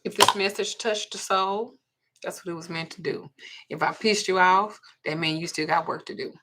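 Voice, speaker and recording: Outspoken female spiritual host, low husky voice with fry. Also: fairly even intonation, moderate pace, pushed and bright. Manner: blunt and profane, retelling a client's story. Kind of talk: livestream talk.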